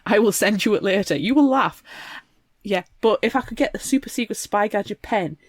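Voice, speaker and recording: A woman's voice: mid-range voice, brisk, no room sound. A woman co-hosting a book podcast, chatting casually and playfully with frequent jokes. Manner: playful, jokey, laughs often. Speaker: podcast co-host.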